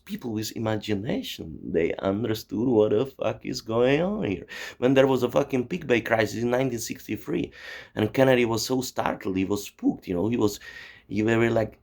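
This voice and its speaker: Gravelly, profane ranting man. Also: on the low side, animated, moderate pace, a little mellow. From Czechoslovakia. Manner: swearing, digressive, heavy "you see" and "you know". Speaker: channel host. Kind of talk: profane rambling monologue.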